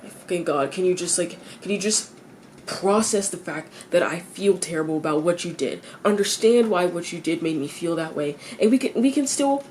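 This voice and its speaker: A teenage girl talking to the camera in a confessional rant, her usual voice sitting fairly low for a woman. She stumbles over and repeats half-finished phrases, swears casually, and leaps upward in pitch when frustrated. A faint hum runs underneath. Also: expressive, a little mellow. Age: teens. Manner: halting, repeats herself, restarts sentences; swears freely, voice jumps high when exasperated.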